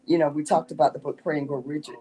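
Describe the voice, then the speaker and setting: A woman author, a guest in a casual interview, telling animated stories and often breaking into laughter. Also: low-pitched, very fast. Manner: animated storytelling with frequent laughter.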